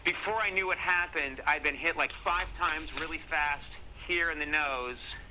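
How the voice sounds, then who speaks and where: Hosting a comedy segment, a middle-aged man from Massachusetts, USA, talks to camera with mock-serious, jokey storytelling and wry asides. His voice runs a little high and a little slow, with background noise in the clip.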